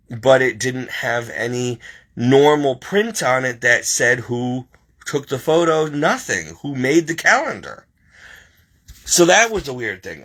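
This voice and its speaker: Emotional man, bright but husky voice. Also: medium pitch. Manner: emotional, tearing up while reading, animated storytelling. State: teary. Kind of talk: personal testimony, casual talk.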